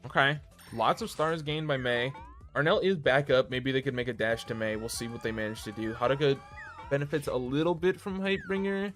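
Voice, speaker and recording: A man live-commentating a board video game on his stream, calling each move in quick play-by-play with self-deprecating asides. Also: medium pitch, fairly bright tone, soft background music. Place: home streaming setup.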